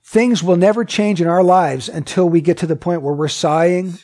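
A man with a high-pitched, slightly mellow voice preaches a sermon at a moderate pace. He reads scripture aloud, asks his listeners many questions and repeats his points emphatically.

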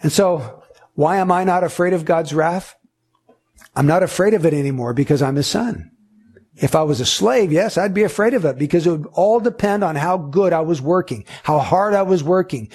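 Pastor, male, husky and high-pitched, earnest sermon delivery with repetitive emphasis. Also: darkish tone.

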